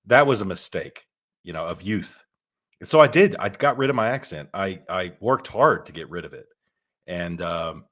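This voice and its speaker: Low-voiced Texan man, podcast co-host, folksy and self-deprecating. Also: a bit bright. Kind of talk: casual podcast conversation.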